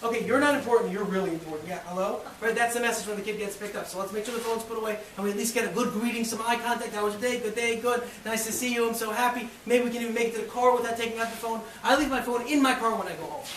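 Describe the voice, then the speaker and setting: A high-voiced man in his thirties delivers a lively parenting lecture as a rabbi, often laughing and acting out voices. He sounds a little distant from the mic, and the room echoes around him. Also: rapid-fire, few pauses. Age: 30s. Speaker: rabbi, guest speaker. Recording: roomy, from a distance, faint noise.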